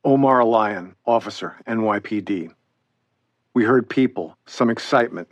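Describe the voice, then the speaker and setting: A man's voice: fairly low pitch, normal speed, dry recording. A man reading a witness account for an oral history audiobook in a subdued first-person voice. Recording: dull, muffled lo-fi sound.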